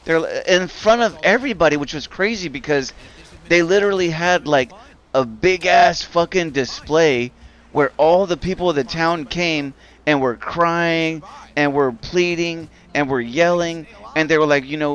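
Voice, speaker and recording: A man's voice: on the high side, a little slow, fairly bright tone. A man streaming a game and ranting in a rambling, profane way, filling his talk with "like". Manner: rambling, profane, heavy use of "like". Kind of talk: casual rant while gaming.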